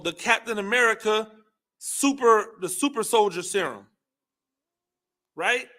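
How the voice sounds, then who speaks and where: An excitable man hosts a football talk show in an unhurried, deliberate delivery. His voice sits high and rings bright. He drives home each point by repeating it and asking rhetorical questions. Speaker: football commentary show host. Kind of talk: opinionated sports talk monologue.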